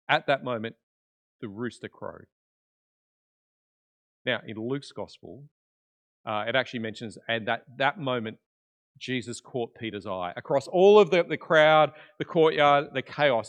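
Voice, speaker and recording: A man preaching in a conversational way, retelling a Bible story with animated energy that drops to hushed tones at key moments. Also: mid-range voice, moderate pace. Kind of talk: conversational sermon.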